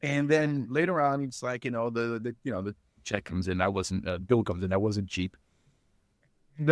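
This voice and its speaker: This middle-aged man, who founded a spirits company, is a guest on a podcast, casually spinning a long anecdote in an interview. He fills it with verbal fillers, restarts, and impressions of the people he quotes. His medium-pitched voice is recorded cleanly in a studio with no echo.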